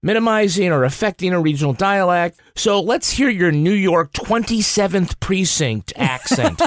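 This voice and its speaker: A man's voice: high-pitched, lively intonation, moderate pace, dry recording, clean studio sound. A man hosting a podcast in casual, playful chat, laughing easily. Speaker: podcast host.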